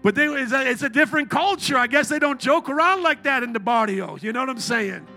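A middle-aged man from Indiana preaching a sermon as pastor, telling jokey stories in an animated, playful way. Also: very high voice, a little fast, creaky, faint music behind. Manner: animated, joking storyteller. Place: church.

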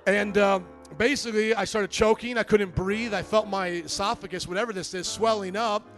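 A man preaching a sermon as pastor, telling stories with lively, acted-out quotes. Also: sits high, moderate pace, soft background music. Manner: lively storytelling, acts out quoted voices.

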